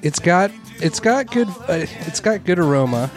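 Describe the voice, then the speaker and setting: A man on a casual podcast describing a beer in a hesitant, measured way. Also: high voice, animated, over music.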